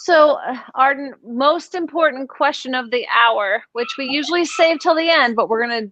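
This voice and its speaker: High-voiced woman co-host, lo-fi sound. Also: normal speed, a bit bright, a little hiss or hum. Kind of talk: video podcast hosting. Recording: dry, dull lo-fi audio.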